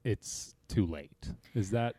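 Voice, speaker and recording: A man co-hosts a casual podcast and asks brief, thoughtful questions. His voice sits low and sounds mellow and dark, recorded dry and close. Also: lively intonation, slow pace, husky, no room sound.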